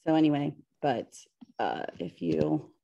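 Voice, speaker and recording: Woman in her 40s, Pittsburgh accent, low gravelly mellow voice, hesitant teacher presenting over a video call. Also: sing-song, unhurried, muffled recording. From western Pennsylvania. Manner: hesitant, many fillers, nervous laughs. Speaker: high school English teacher presenting. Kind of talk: webinar presentation.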